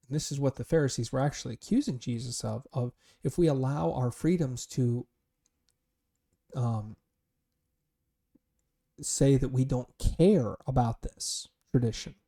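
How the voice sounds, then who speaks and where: A man's voice: mid-range voice, mellow. A man teaching a Bible study, speaking earnestly and thoughtfully, sometimes restarting his phrases. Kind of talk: reflective Bible study talk.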